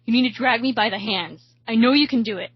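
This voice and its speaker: A woman's voice: fairly high pitch, fast, breathy edge, dry recording. A woman voicing a badly hurt young man who pleads urgently and stammers, recorded slightly dull.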